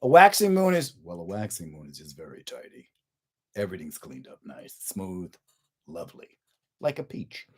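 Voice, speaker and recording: On a casual live stream, a middle-aged comedian who runs his own podcast swaps jokey stories with his viewers. His voice is husky and low-pitched, and he talks at a normal speed with lively, joking storytelling.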